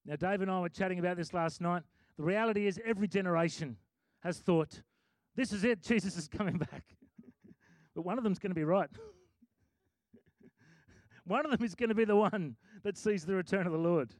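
High-voiced chatty male pastor. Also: fairly quick, pauses often, no room sound. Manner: chatty, self-amused, breaks into sung lyrics. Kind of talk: sermon.

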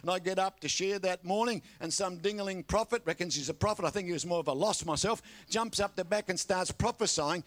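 Animated older Australian preacher, high voice. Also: male voice, fairly quick, hardly any pauses. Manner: animated storytelling with repeated audience call-outs. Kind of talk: sermon.

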